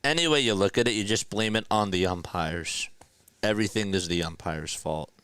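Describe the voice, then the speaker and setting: A man doing casual live baseball play-by-play as a fan streamer, chatting and joking with viewers between pitches. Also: moderate pace, background noise. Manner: jokey, laughs at himself.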